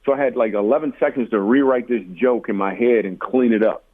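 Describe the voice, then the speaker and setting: A comedian from Michigan telling stories in a casual interview, animated and self-deprecating. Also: male voice, medium pitch, brisk. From Michigan, USA. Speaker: comedian guest. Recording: tinny phone-like line.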